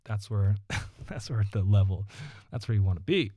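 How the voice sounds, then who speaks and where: A man's voice: fairly low pitch, animated, moderate pace, mellow, no echo. Male podcast host, rambling profane rant, solo monologue, dry close sound.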